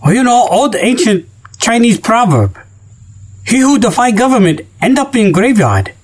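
A man's voice: extremely high pitch, very animated, moderate pace, slightly rough, voice pushed up, exaggerated voice. A man putting on a sing-song comic receptionist. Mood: mock-polite. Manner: sing-song, over-the-top comic put-on voice. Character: exaggerated put-on male company receptionist.

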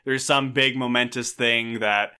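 A man's voice: medium pitch, a little slow, clear, resonant tone. A man co-hosting a podcast, casually recapping a movie plot and acting out characters' lines. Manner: animated, acts out characters' lines while recapping. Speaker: podcast co-host.

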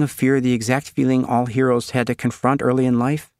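A man narrating an audiobook in a dry, deadpan, wry manner. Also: medium pitch, fairly quick, dry recording.

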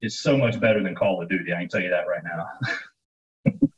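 A man's voice: sits low, moderate pace, distant mic, muffled recording. A father speaking as a panelist in a round table discussion, telling an anecdote with pride.

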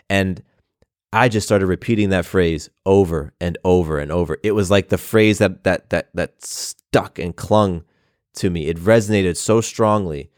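A man's voice: sits low, normal speed, no room sound, studio quality. A man in his thirties telling a personal story in a reflective, earnest way, often repeating phrases. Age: 30s.

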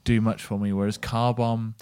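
A man co-hosting a casual chat, relaxed and wry with a dry sense of humour. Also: on the low side, moderate pace, smooth.

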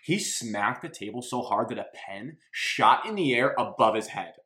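A man hosting a casual sports talk show, telling stories in an animated way and laughing as he talks. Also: medium pitch, moderate pace. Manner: animated storytelling, laughs while talking. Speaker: podcast host.

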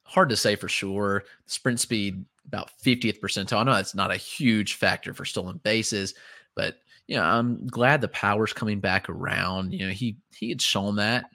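A man co-hosting a baseball podcast, speaking in a measured, agreeable way with frequent "you know"s. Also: fairly low pitch, steady tone, bright, forceful tone, dry recording, studio quality. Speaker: fantasy baseball podcast co-host. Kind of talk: casual podcast chat.

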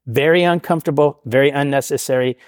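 A man's voice: medium pitch, quick pace, clear, resonant tone, dry recording, clean studio sound. A middle-aged man, a podcast guest, telling his recovery story casually, often tagging "right?" and laughing at himself.

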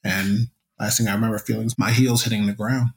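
Young guy, ex football player, gravelly voice, upbeat storytelling in an interview. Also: on the low side, level tone, fast. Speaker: guest, former college football player.

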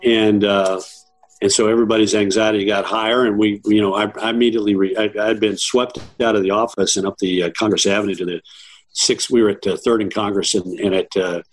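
A man's voice: fairly low pitch, little pitch movement, a little fast, soft background music, poor audio. A man in an interview, a former campaign staffer, recalling election night in a rambling way. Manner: rambling, with restarts. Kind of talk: interview recollection.

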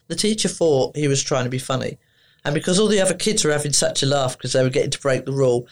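Woman therapist on a podcast, blunt, keeps repeating stuff for emphasis. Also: very deep voice. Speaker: emotional therapist, guest. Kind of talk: casual podcast conversation.

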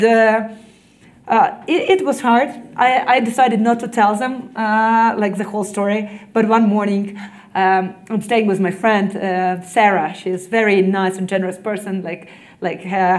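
A woman from Ukraine with a Ukrainian accent gives an earnest, halting personal testimony in non-native English to an audience. She pauses often on fillers and grows emphatic when she speaks about resolve. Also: medium pitch, a little mellow. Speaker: activist and nonprofit director.

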